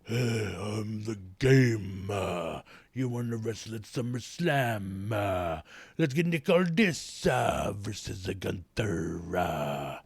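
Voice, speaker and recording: A man doing an impression of a brash male wrestling boss, speaking slowly and self-importantly. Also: on the low side, big pitch swings, husky, no echo, full character voice. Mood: smug.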